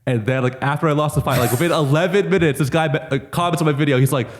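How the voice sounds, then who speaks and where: A man being interviewed as a fighter, talking casually with lots of "like" and growing lively when he tells stories. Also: mid-range voice, quick pace. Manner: relaxed, heavy use of "like", lively when telling stories. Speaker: MMA fighter, interview guest.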